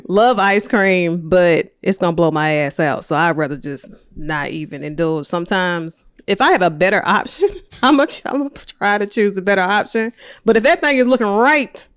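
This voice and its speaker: A woman's voice: lowish voice, normal speed, hardly any pauses, clean tone, no room sound, studio quality. A woman guest on a podcast in casual chat, talking frankly and poking fun at herself. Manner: frank, plain-spoken, self-mocking.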